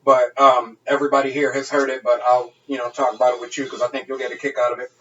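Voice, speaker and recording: A man's voice: medium pitch, little pitch movement, fast, fairly bright tone, distant mic, muffled recording. A man on a podcast telling a wild night-out story in casual, profane, laughing chat. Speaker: podcast co-host.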